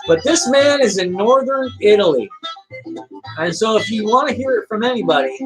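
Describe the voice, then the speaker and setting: A man's voice: sits high, expressive, moderate pace, over music, rough recording. A man hosting a livestream in an earnest, lecturing way, reading viewer comments and answering them by name. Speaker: livestream host.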